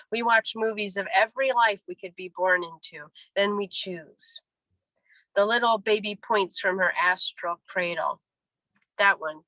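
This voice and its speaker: A woman in her forties reads her poems aloud with a wry, deadpan delivery. Her voice is bright and forward, recorded dry and close with little room sound. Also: medium pitch, no room sound, low-quality recording. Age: 40s. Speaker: poet. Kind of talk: poetry reading. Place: reading venue.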